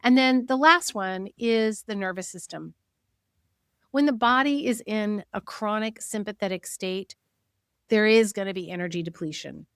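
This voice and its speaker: A woman's voice: medium pitch, normal speed, a bit bright, clean tone, dry recording, studio quality. A woman host teaching fellow practitioners in a conversational, explanatory way, often quoting what patients say. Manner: chatty, explanatory, quotes patients in a lifted voice.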